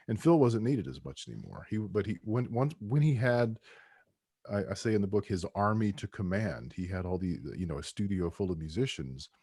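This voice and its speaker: Man, book co-author, deep husky voice, dry close sound, rambling podcast chat. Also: warm tone, no room sound. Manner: rambling, with many restarts and "you know". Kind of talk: casual podcast conversation.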